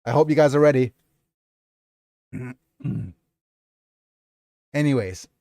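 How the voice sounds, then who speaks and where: Here a man chats casually on his livestream, replying to viewers and reading aloud as he slowly rambles along. His voice is mid-range, warm and clean, recorded close with no room sound, and his talk is full of stops, restarts and wandering asides.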